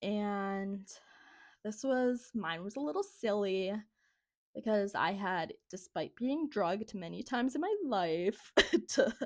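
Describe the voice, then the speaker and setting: Rambling through a story as a podcast co-host, this young woman leans heavily on "like" and laughs frequently in casual conversation. Her voice sits at medium pitch, recorded at studio quality with no room sound.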